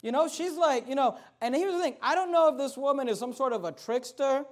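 A preacher with a notably high-pitched man's voice works through a Bible passage in sermon style. He is emphatic, swinging from loud, lifted declarations to quiet asides, and he keeps pressing his listeners with rhetorical questions. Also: brisk. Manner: emphatic, rises and falls sharply in loudness, rhetorical questions.

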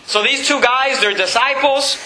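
A man preaching a sermon, retelling a scripture story in animated, conversational storytelling. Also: extremely high pitch, moderate pace, reverberant, slight background noise, low-quality recording. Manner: animated storytelling, acting out voices.

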